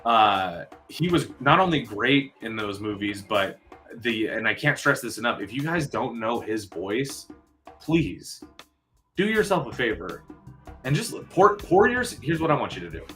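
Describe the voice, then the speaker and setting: Male live-stream host, bright and forceful tone, talks straight to viewers, soft music in the background. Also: medium pitch, a little slow. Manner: chatty, excitable, talks straight to viewers and reads comments. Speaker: channel manager hosting a live movie news show. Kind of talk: casual live-stream movie chat.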